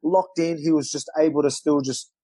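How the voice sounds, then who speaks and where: Animated man telling a story. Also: fairly high pitch, normal speed, no room sound, low-quality recording. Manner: animated storyteller, loose swearing, acts out quotes. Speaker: guest, professional fighter. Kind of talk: storytelling in casual interview.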